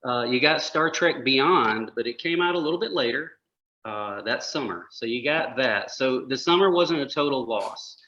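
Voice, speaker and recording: A man hosting a casual movie podcast, joking and recapping plots with quick asides. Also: medium pitch, expressive, pushed and bright, dull audio. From United States. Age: older than the other hosts. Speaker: podcast host.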